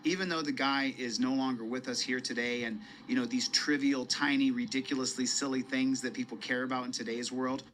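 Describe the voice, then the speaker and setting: A man rambles casually through a live stream at a mid pitch, circling back over his words and greeting viewers. There is a faint background noise behind him. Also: fairly even intonation, fairly quick, hardly any pauses, a bit bright, low-quality recording. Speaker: livestreamer.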